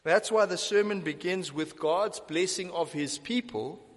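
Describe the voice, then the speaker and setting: A man preaching a sermon, emphatic and deliberate, repeating key phrases for stress. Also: high-pitched, big-room sound.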